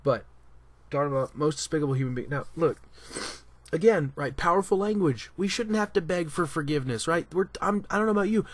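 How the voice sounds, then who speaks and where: A man talking through a casual opinion commentary, animated and emphatic, often restarting his sentences. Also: fairly high pitch, a little fast, dry recording. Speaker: commentary vlogger.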